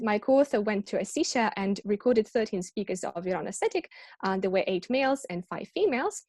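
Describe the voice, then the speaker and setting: A woman's voice: mid-range voice, a little mellow, dry recording, studio quality. A woman lecturing at an academic colloquium, explaining step by step with frequent ums and small self-corrections.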